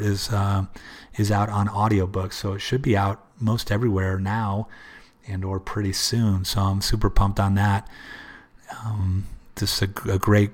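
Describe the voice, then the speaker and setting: A man's voice: fairly low pitch, a little mellow. A man hosting a solo motivational podcast, earnest and repetitive, with many restarts, talking about prayer and faith. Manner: religious, speaks of prayer. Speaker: podcast host.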